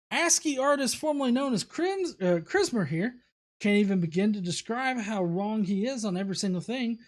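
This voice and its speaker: A man hosting a livestream, casually reading viewer comments aloud with many fillers and restarts. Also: high-pitched. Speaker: host.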